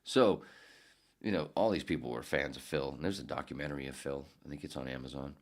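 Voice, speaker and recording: Very deep-voiced man telling rambling stories. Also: quick pace. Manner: profane, digressive, self-correcting. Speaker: podcast host, former radio producer. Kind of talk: casual rambling storytelling.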